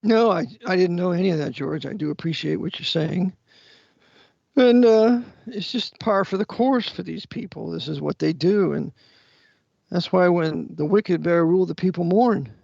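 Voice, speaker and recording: Gravelly husky guy, preachy and blunt, kinda dull muffled audio, dead dry sound. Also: high voice, moderate pace, a little mellow, dry recording. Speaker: host. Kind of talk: casual radio chat.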